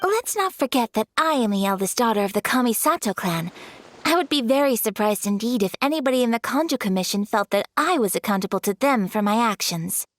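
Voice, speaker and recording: Formal, courteous game noblewoman voiced by a woman, slightly high voice. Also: animated, brisk, a little hiss or hum, natural voice. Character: poised noblewoman, eldest daughter of a clan. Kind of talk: video game voice acting.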